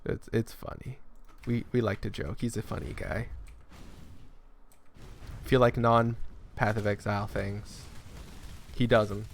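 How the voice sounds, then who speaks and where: A man's voice: fairly low pitch, level tone, a little slow, vocal fry, pauses often, a little hiss or hum. A young man giving laid-back, chatty commentary while playing a game. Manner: chatty, laid-back, loose asides with laughs. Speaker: gaming streamer. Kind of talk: casual gameplay commentary.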